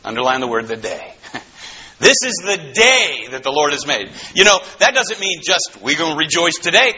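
A man preaching a sermon, swinging between soaring exclamations and hushed low asides. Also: very animated, moderate pace. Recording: slightly dull, faintly noisy recording.

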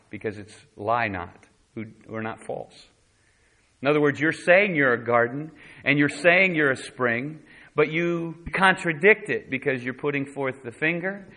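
A man preaching a sermon with passion, reading scripture and dropping from hushed tones to loud bursts. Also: mid-range voice. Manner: reads scripture aloud in King James wording. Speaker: pastor.

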